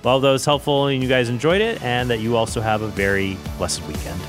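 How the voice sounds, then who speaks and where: A man's voice: medium pitch, brisk, over music. A man hosting a casual solo podcast, rambling through facts with jokey, self-deprecating asides. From United States. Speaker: podcast host.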